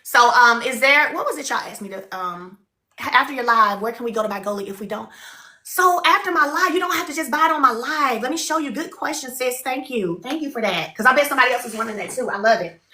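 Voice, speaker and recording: An upbeat woman runs a live shopping stream, chatting and urging viewers to buy. Her voice is bright and a bit higher than usual. It is recorded on a phone in an echoey room. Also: animated, fast talker. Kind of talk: live-stream sales pitch.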